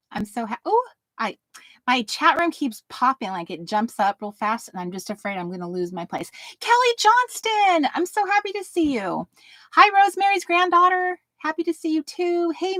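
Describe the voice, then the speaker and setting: A bubbly woman hosts a casual live stream, calling out viewers by name and laughing often. Her voice sits high and swoops up and down with lively energy. The sound is close and dry, with no room echo.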